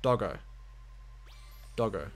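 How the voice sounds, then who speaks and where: A man streaming a game at an unhurried pace, rambling and joking to himself. He drops into soft, mumbled baby talk and then bursts out loud with excitement. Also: lowish voice, faint music behind. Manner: rambling, goofy, baby-talks to the game's wolf. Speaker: gameplay streamer. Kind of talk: casual gameplay commentary.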